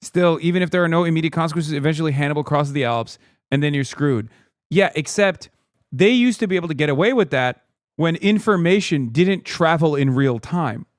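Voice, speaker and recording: A male streamer with a slightly high voice, riffing in a sarcastic, profane way on a news clip. The sound is dry and close, with no room in it. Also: animated, brisk, no echo. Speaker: live streamer host. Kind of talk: casual commentary reacting to a news clip.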